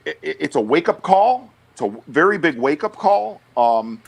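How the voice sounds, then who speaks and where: On a casual podcast, a middle-aged male guest talks in an unhurried, creaky voice on the high side. His manner is blunt and animated, and he keeps stammering, repeating words, and restarting.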